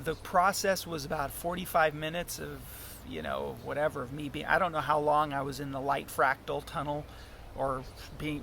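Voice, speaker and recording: Gravelly man telling a personal story. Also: a little high, bright, forceful tone, slight background noise. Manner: halting, earnest, with frequent restarts.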